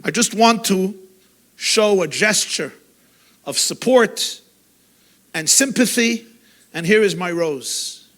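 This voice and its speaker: A man, a rabbi, delivering an impassioned sermon, swinging from loud outbursts to hushed tones. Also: high voice, lively intonation, takes it slowly, pauses often. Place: lecture gathering.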